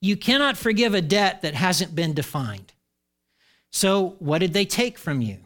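A middle-aged male pastor preaching a sermon in an animated way, acting out the voices he quotes. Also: sits high, measured pace.

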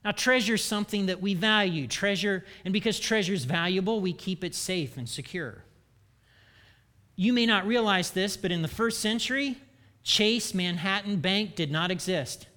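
A man giving a church sermon as pastor, animated and humorous, with self-deprecating asides. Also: high voice, normal speed.

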